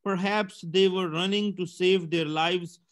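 A man's voice: sits high, fairly even intonation, measured pace, fairly bright tone. A male teacher reading a story aloud for a comprehension lesson, stumbling now and then and correcting himself.

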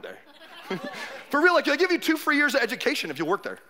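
A man's voice: very high voice, huge pitch swings, quick pace, a loud crowd, heavy background noise. A man in his forties preaching a sermon as pastor. He talks in a casual, joking way and acts out little scenes. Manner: conversational, joking, acts out quotes.

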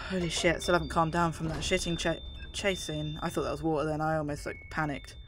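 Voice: mid-range voice, little pitch movement, brisk, fairly bright tone, faint music behind. A gamer with a London accent and a slight lisp, commenting on a horror game in a chatty, jumpy way, swearing often. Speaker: gaming video host. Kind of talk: let's play commentary.

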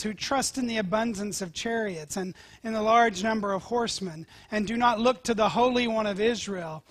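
A male pastor preaching a sermon, telling scripture stories with animated swings from loud to whispered. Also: sits high, dry recording. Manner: animated storytelling, dropping to near-whispers.

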